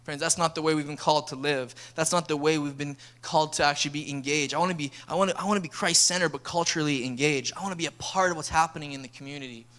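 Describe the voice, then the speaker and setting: A high-pitched, energetic male pastor preaches to his church. He tells stories with lively momentum and slips into voices for the people in them. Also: quick pace, few pauses. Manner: energetic, storytelling, acts out dialogue. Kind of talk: sermon. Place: church sanctuary.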